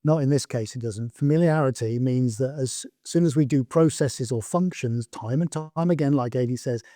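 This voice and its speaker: A man talks in an easy, earnest way, building on what the others have said. His voice is mellow and warm. The sound is dry and close, with little room in it. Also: mid-range voice, normal speed, no room sound. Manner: earnest, reflective, picks up on others' points. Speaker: podcast co-host, artist. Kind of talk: casual chat.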